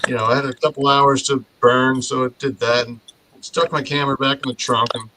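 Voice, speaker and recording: A man's voice: medium pitch, level tone, a little fast. A man telling a story in a casual chat, rambling with frequent restarts and casual swearing. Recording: noisy podcast audio.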